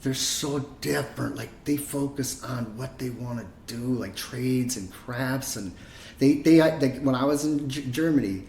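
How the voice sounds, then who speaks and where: A man's voice: medium pitch, a little slow, vocal fry, slight background noise. Profane, rambling man in a roomy echo. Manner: profane, rambling, animated storytelling. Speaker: podcast co-host. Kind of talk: casual podcast chat.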